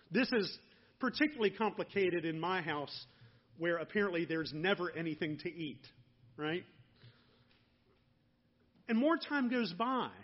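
High-pitched guy preaching slow and earnest, kinda dull lo-fi sound. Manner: earnest, slowing down and dropping soft on key phrases. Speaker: pastor. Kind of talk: sermon.

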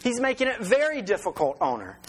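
A man's voice: very high voice, wildly swooping pitch, brisk, breathy edge, low-quality recording. A man preaching a sermon as pastor in a conversational way, with rhetorical questions and restarts.

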